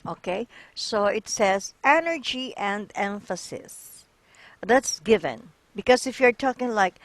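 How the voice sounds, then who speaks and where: A patient woman teaches English, guiding a student through a reading and checking in often with "okay?" and "right?". Her voice sits at a middle pitch. The sound is dry and close. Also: lively intonation, slow, dry recording. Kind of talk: coaching a learner through reading.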